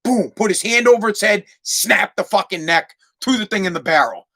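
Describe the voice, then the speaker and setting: High-voiced guy ranting on his podcast, cussing, keeps stumbling over his words. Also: expressive, moderate pace, bright, forceful tone. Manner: heated, swearing, repeats words when stumbling. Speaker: podcast host. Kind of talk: casual profane rant.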